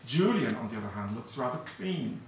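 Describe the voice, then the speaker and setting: A man's voice: medium pitch, sing-song, fairly quick, slight background noise. A man voicing a prim, haughty woman novelist, fussy and disdainful in her politeness. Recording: echoey hall, distant mic.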